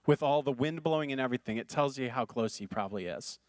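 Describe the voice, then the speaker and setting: A man's voice: mid-range voice, quick pace, no echo, studio quality. A male pastor preaching a sermon in an earnest, conversational way, often repeating phrases for emphasis.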